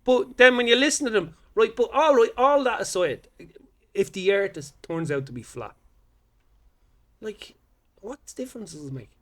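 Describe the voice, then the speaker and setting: Irish male comic, fairly high and very lively pitch, rambling sweary chat with quick impressions. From Ireland. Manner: rambling, swears freely, mimics how people talk. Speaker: comedian guest. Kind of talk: casual podcast chat.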